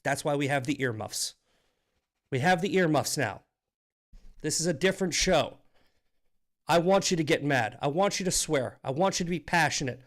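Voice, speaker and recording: A man hosting a live commentary stream with a slightly raised pitch. He talks in a fired-up, profane way and stumbles into frequent restarts. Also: lively intonation, normal speed, pauses often, a bit bright. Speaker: host.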